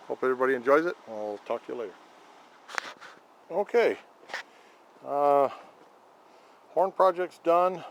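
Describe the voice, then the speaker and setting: Slow, rambling man filming a how-to. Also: medium pitch, a little hiss or hum, rough recording. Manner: rambling, halting with many fillers. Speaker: vlogger showing a scooter horn install. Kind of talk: casual how-to vlog.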